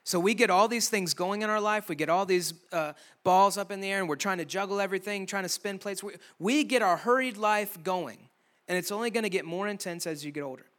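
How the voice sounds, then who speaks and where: A man's voice: high voice, fairly quick, fairly bright tone. A young man preaching a youth sermon to a room of students, casual and conversational with light humor. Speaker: youth pastor. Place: church room with a youth audience.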